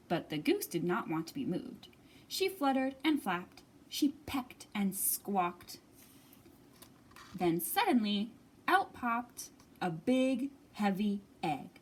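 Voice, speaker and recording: Woman librarian, slow animated storytime reader. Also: medium pitch, a little hiss or hum. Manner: expressive, animated read-aloud. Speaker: children's librarian. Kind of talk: children's storytime reading.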